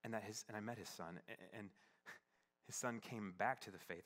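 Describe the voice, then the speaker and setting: A young man preaching through a personal story, his voice lower than most and bright at the edges. He halts and circles back with many fillers, then drops into a hushed, tender hush. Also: fairly even intonation. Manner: halting, many fillers, shifts from playful to hushed and tearful. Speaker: pastor. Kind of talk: sermon storytelling.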